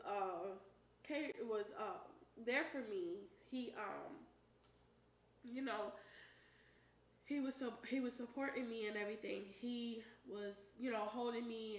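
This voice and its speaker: A young adult woman telling a personal story to camera, emphatic and profane, with loud shouted quotes. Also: medium pitch. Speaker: vlogger. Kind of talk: storytime while eating on camera. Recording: roomy echo, voice a bit far from the mic, faint noise.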